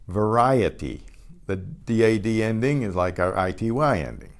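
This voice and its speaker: An older man teaching a beginners' Spanish class, patiently sounding out each word twice and explaining pronunciation in a relaxed way. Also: low voice. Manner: patient, repeats each word slowly, trailing off quietly after explanations. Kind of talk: slow pronunciation lesson with repetition.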